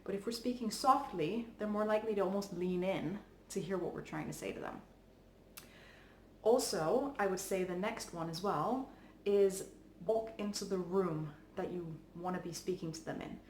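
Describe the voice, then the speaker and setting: A woman giving parenting advice in a calm, earnest, chatty way, with frequent fillers. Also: fairly low pitch, normal speed. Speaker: parenting coach. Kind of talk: casual advice talk to camera. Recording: echoey room with faint background noise.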